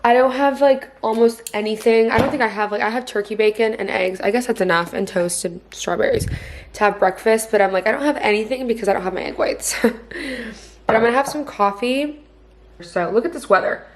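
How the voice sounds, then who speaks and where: A woman's voice: fairly high pitch, a little fast. Chatty bubbly young woman vlogging. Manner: chatty, bubbly, heavy use of "like". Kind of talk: casual vlog chat. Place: at home, indoors.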